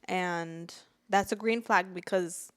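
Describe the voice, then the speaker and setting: A woman's voice: fairly low pitch, steady tone, takes it slowly, clear, resonant tone. A young woman co-hosting a casual podcast, chatting playfully and joking with her co-host. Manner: playful, joking, laughs often. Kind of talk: casual chat.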